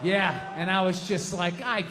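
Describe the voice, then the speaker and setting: A man's voice: high-pitched, normal speed, over music. A man in his fifties telling a rambling, profane stand-up story on stage into a handheld mic. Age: 50s. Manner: loose, profane, rambling with filler words. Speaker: stand-up comedian. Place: live comedy stage. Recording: long reverb of a large venue.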